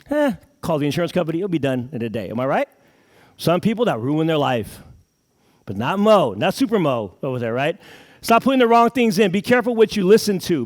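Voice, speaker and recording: A man's voice: on the high side, a little mellow. A middle-aged man giving a live motivational talk to an audience in an event room, pumping up the crowd with questions. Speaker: motivational speaker at a sales event.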